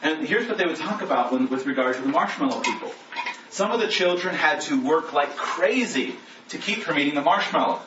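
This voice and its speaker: A man's voice: fairly high pitch, expressive, brisk. A man preaching as a pastor in a conversational style, asking the congregation rhetorical questions. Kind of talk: sermon. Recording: roomy echo, distant mic, lo-fi with noise.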